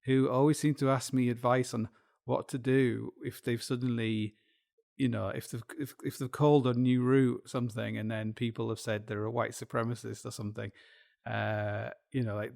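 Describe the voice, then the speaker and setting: A man's voice: mid-range voice, steady tone, brisk, vocal fry, darkish tone. A middle-aged man with a Yorkshire accent hosting a podcast, musing in a meandering, self-deprecating solo monologue full of restarts and asides. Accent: Yorkshire English. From Yorkshire, England. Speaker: podcast host.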